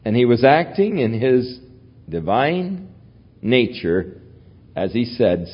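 A man preaching a sermon as pastor, teaching from the Bible in a measured way. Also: mid-range voice, very animated, slightly rough. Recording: dull lo-fi recording.

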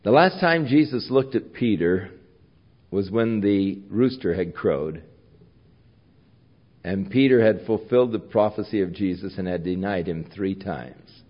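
A man's voice: sits low, measured pace, highs cut off. A male pastor giving a conversational sermon, retelling scenes and repeating himself.

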